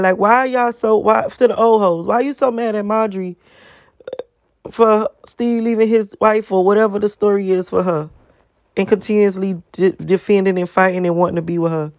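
A woman vlogger in a heated, profane rant, stacking rhetorical questions and repeating herself for emphasis. Her voice sits at an ordinary middle pitch. It sounds dry and close, with no room echo. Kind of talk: ranting monologue to camera.

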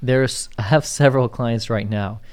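A man's voice: medium pitch, normal speed. A man co-hosting a podcast in casual chat, reading out listener questions and checking in with "you get what I'm saying?". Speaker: podcast co-host, commercial real estate agent.

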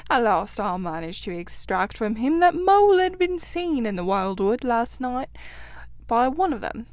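A woman voicing a cheerful, hearty male otter who tells his tale in a lively, outspoken way. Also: fairly high pitch, a little slow, dry recording. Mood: storytelling.

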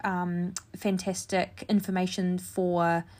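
A woman who works as a psychic medium, chatting casually to her viewers and talking in a steady flow with hardly any pauses. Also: on the low side. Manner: chatty, talks in a continuous flow without pauses.

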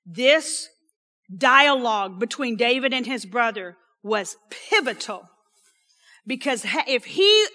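A woman preaching a sermon, animated, dropping to a hushed whisper for emphasis and checking in with "okay?". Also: fairly high pitch. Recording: long hall reverb.

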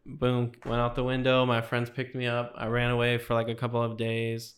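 Young male guest, flat delivery, rambling testimony, heavy "like" fillers. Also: mid-range voice, moderate pace. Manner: rambling, fills with 'like' constantly. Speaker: podcast guest. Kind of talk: casual testimony storytelling.

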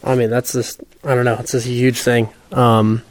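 A man's voice: mid-range voice, little pitch movement, moderate pace, dry recording. Chatty man with a dry, close sound. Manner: chatty, loose, many fillers. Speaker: podcast co-host. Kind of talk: casual faith discussion.

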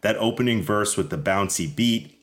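A podcast host with a fairly bright voice on the low side talks at normal speed through a casual music review chat. Upbeat and chatty, he laughs often and steers the discussion, leading each segment.

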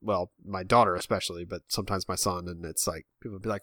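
A man's voice: deep voice, fast talker, fairly bright tone, no echo, studio quality. A man in his thirties chatting casually as a podcast co-host, rambling with lots of restarts and self-mocking asides. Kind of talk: casual chat.

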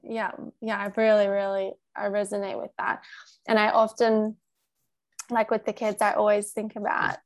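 A woman's voice: medium pitch, completely flat delivery, normal speed, no room sound. A woman in her thirties, a mother, co-hosting a casual podcast and speaking openly and self-reflectively. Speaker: podcast co-host.

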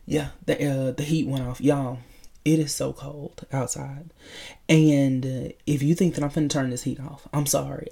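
A woman vlogging a casual movie review, chatty and animated, talking straight to her viewers. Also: rumbling low. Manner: chatty, animated, addresses viewers as y'all, laughs often. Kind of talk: casual chat.

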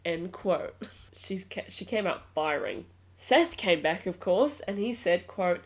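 A woman's voice: lowish voice, animated, slow. A woman hosting a true crime podcast, telling the story in a casual, blunt way, often swearing and laughing.

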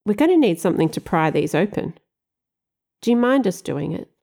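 A woman's voice: on the low side, big pitch swings, normal speed, vocal fry, dark tone, exaggerated voice. A woman reading an audiobook, voicing an earnest young man who speaks hesitantly and sounds concerned. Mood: worried.

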